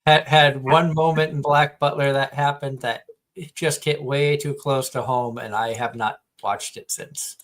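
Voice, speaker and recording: A man's voice: medium pitch, steady tone, unhurried, fairly bright tone. A man co-hosting a livestream, chatting casually while gaming, reading off lists and teasing his co-host.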